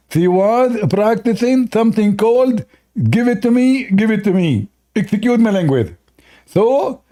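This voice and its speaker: Guy doing a high, shrill, condescending debater, warm soft tone, preachy. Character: smug mocking male Muslim debater.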